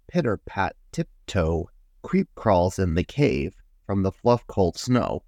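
A man hosting a podcast, reading a children's storybook aloud in an expressive, unhurried way. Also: low-pitched, gravelly, dry recording, clean studio sound.

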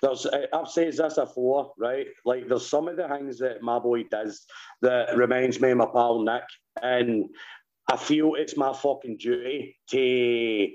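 A man's voice: medium pitch, fairly even intonation, measured pace, darkish tone. Sweary Scottish man, lo-fi call. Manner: sweary, laughing storyteller. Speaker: podcast host. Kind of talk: casual chat. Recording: dull lo-fi sound.

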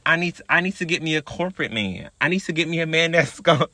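A man's voice: on the high side, lively intonation, fast, sharp tone, no echo. A man hosting a podcast, telling a story in a sassy, profane, chatty monologue. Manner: sassy, profane, chatty, calls listeners girl. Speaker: podcast host.

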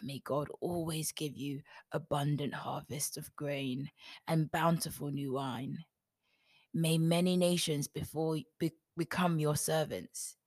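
A grave old father speaks a solemn blessing slowly and deliberately, as a woman reading aloud voices him. Her voice is low for a woman, and the recording is dry and close. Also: darkish tone, no echo.

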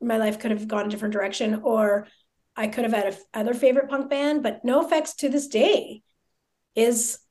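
High-voiced excitable woman telling a story. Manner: excitable, chatty, lots of filler words. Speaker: podcast guest. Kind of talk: casual storytelling.

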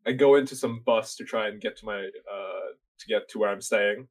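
Young guy from norway, kinda low voice, rambles and swears a ton telling a story. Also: normal speed, low-quality recording. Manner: rambling, swears a lot, many fillers. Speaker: podcast guest telling a story. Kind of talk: casual chat.

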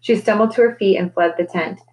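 A woman, a teacher, reading a children's novel aloud with expressive, dramatic storytelling. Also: medium pitch, fairly quick, poor audio. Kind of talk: read-aloud storybook narration.

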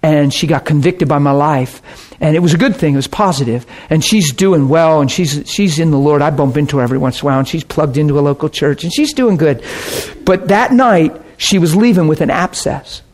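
A middle-aged man preaching a sermon, telling a story and acting out the people in it with big jumps in his voice. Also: brisk. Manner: animated, acts out quotes with big pitch jumps.

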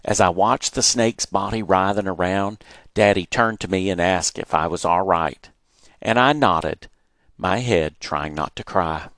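A man reading his childhood memoir aloud, animated and acting out the moments he retells. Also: low-pitched, unhurried, no echo, studio quality. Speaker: storyteller.

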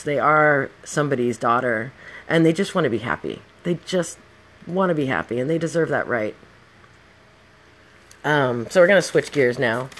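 Middle-aged podcast host, casual storyteller, blunt and swears freely, mid-range pitch. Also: fairly bright tone. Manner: blunt and profane, with heated outbursts.

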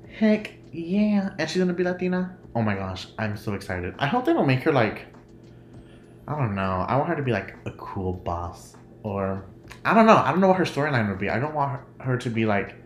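A man hosts a casual solo podcast, rambling excitedly and tripping over fillers. His voice sits on the low side. The recording carries a roomy echo with a faint hiss of noise underneath. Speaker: podcast host.

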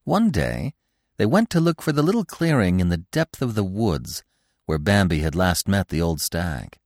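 A man's voice: low-pitched, big pitch swings, normal speed, darkish tone, no room sound, studio quality. A man narrating a classic children's story expressively as a podcast host. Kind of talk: audiobook narration.

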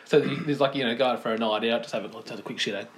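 A man's voice: mid-range voice, racing, a little hiss or hum. An Australian man co-hosting a casual podcast, bantering crudely and laughing along as he reads a story. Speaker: podcast co-host.

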